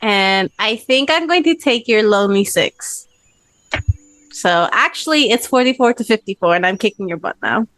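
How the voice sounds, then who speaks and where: A woman's voice: medium pitch, expressive, normal speed, a bit bright, no room sound. A woman playing in a tabletop role-play, earnest and playful, insisting she plays fair. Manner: earnest, playful, defensive when teased. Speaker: player.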